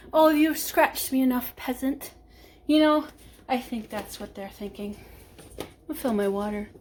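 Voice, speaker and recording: A woman's voice: fairly high pitch, a little mellow. A woman chatting casually as she cooks in her home kitchen, rambling and talking to her cat. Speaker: vlogger. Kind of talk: casual cooking vlog chat.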